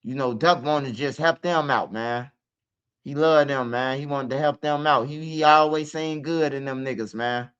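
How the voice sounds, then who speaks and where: A man's voice: medium pitch, normal speed, a bit bright, smooth, muffled recording. A man with a Chicago accent telling his story in casual, profane street slang, full of "man" and "bro".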